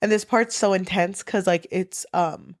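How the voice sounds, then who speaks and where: A woman's voice: mid-range voice, steady tone, a little slow, no room sound. Candid woman podcaster, close and dry. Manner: loose and candid, swears freely, quotes characters dramatically. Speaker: podcast co-host. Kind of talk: casual book discussion chat.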